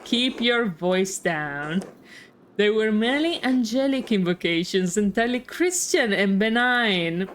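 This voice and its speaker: A woman's voice: mid-range voice, expressive, a little slow, a little hiss or hum, close to an everyday voice. A stern proud old monk, as a woman reads him out. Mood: haughty. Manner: haughty, reproachful. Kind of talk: reading game dialogue aloud.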